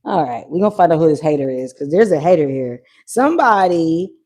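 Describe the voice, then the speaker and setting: A woman hosting a live tarot reading, talking in an animated, slangy way with swearing and bursts of laughter. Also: sits low, a little fast. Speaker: tarot reader. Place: at home near a pool, kids heard.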